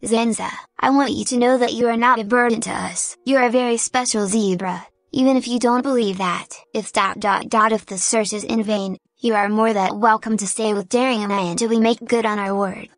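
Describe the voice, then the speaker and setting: A woman voicing a kind, protective male dog-creature who talks gently and sincerely. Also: on the high side, steady tone, brisk, few pauses, dry recording, natural voice. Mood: earnest.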